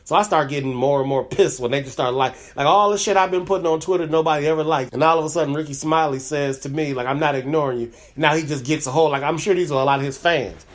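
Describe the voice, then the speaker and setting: A man's voice: on the high side, fast talker, hardly any pauses. A man hosting his own comedy podcast, telling a story in a rambling casual way with lots of fillers and repeated words. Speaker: podcast host. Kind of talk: casual chat.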